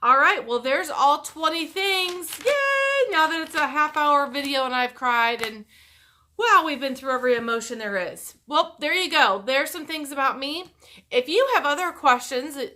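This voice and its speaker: Chatty, bright-voiced woman vlogger. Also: sits high, normal speed. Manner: chatty, rambling, self-interrupting. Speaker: YouTuber. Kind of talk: casual chat to camera.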